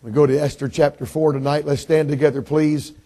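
Male visiting preacher from Illinois, slightly high, mellow tone, sermon delivery that swings from soft asides to forceful proclamation. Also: little pitch movement, a little fast. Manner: shifts from soft, low-key thanks to loud, emphatic preaching and scripture reading.

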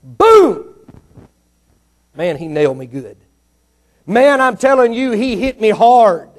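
A male preacher delivering a sermon, moving between quiet storytelling asides and loud, emphatic declarations. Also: big pitch swings, unhurried. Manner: swings from low asides to loud ringing declarations.

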